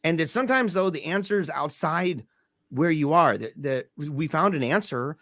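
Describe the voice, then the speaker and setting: A man's voice: on the high side, animated, normal speed, fairly bright tone, dry recording, studio quality. A man telling a painful family story in casual talk as a podcast guest, emphatic and peppered with dude and man. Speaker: podcast guest, grieving father. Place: lives in Michigan.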